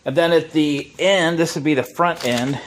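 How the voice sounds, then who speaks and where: A man's voice: a little high, normal speed. Chatty man in his shop. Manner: relaxed, chatty, opinionated, with many uh fillers. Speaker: shop owner and video host. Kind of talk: casual how-to vlog. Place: workshop.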